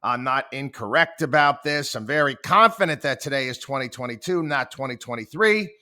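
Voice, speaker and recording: A man's voice: mid-range voice, expressive, brisk, sharp tone. A man voicing an insistent AI chatbot that grows stiff, self-assured and scolding. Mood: irritated. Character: insistent, prickly AI chatbot, male-voiced.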